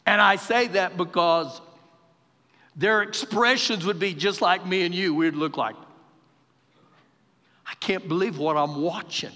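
A man from Texas with a Texan accent, preaching an animated sermon as pastor at a live church service. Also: on the high side. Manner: animated preacher, raising his voice for quoted lines. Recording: live hall with long reverb.

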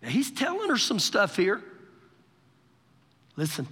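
A man's voice: sits high, huge pitch swings, a little slow, long pauses, pushed and bright, breathy edge, big-room sound. A man preaching a live sermon in a church service, acting out scripture quotes in different voices. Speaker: pastor. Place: church sanctuary during a service.

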